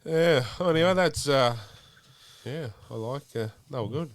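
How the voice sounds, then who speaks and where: A man hosting a podcast, relaxed and chatty, calling people mate. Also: on the high side, measured pace, dry recording. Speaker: podcast host. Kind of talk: casual chat.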